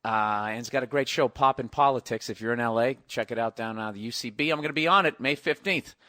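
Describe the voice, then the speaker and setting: Forceful, profane male storyteller. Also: medium pitch, fast, no echo, clean studio sound. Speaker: podcast co-host. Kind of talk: casual chat.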